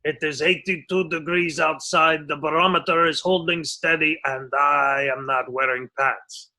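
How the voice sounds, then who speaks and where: A man voicing a pompous male ship captain making slow, droning intercom announcements. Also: on the high side, fairly even intonation, sharp tone, pitched below the performer's own voice, low-quality recording.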